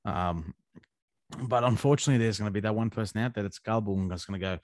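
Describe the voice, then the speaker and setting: A man's voice: lowish voice, fast, a little mellow, no room sound. Man co-hosting, crude rambling banter, dry close mic. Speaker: podcast co-host. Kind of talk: casual chat.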